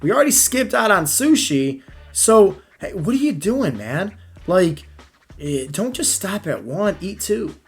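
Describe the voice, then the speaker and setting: A man's voice: sits high, big pitch swings, a little slow, slightly rough, voice pushed up, heavily acted. A man voicing his own tempting inner voice as a slangy, pushy buddy who eggs him on. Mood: egging on. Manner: slangy, egging on.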